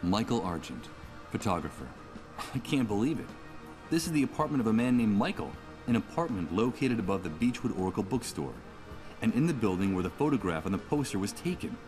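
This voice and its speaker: A sardonic video game hero with a very low voice that rises and falls expressively. Game music plays clearly behind him. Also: male voice, sing-song, brisk, darkish tone. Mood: musing. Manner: wry, sardonic. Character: sardonic troubled man, protagonist. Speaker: game protagonist. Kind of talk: video game voice acting, inner monologue.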